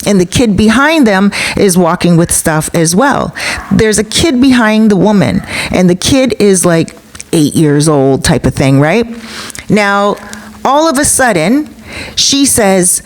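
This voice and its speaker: A woman's voice: medium pitch, big pitch swings, measured pace. A woman vlogger narrating a gossipy storytime in a chatty way.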